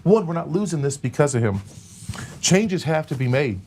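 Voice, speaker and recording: A man's voice: on the high side, very animated, normal speed, darkish tone, slight background noise. A man speaking as a podcast guest, talking earnestly with frequent hesitations. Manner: earnest, hesitant with many fillers. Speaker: guest, recovery organization leader. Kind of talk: casual chat.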